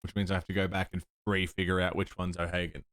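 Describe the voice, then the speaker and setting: Deep-voiced and fast, a male livestreamer narrates his puzzle gameplay in real time on a dry recording. Thinking aloud, he mutters guesses, lets out the odd swear, and greets his viewers in bursts of excited chat.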